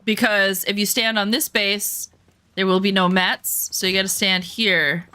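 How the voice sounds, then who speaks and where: Woman streamer, casual gameplay chat, slow easy pace, jokey, swears, self-mocking, dry close sound. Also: medium pitch, steady tone, pushed and bright, clear, resonant tone, no echo. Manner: joking, swears freely, teases chat; self-mocking, easily flustered.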